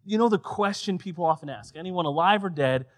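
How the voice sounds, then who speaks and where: Male pastor, 30s, pitched a bit high, animated sermon delivery with soft quiet turns. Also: brisk. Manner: animated preaching, swings between loud emphasis and soft, quiet passages.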